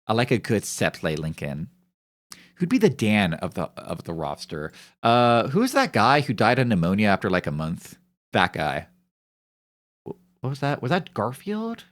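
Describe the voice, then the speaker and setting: Male streamer, young adult, low voice, lively intonation, crude joking banter. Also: normal speed. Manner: joking, rambling, profane banter. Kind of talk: casual chat on a live stream.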